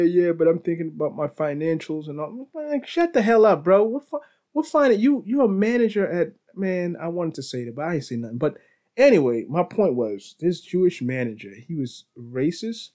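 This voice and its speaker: Man, podcast host, rambling casual storyteller, slightly high voice. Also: mellow. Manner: rambling with restarts, laughs, says bro.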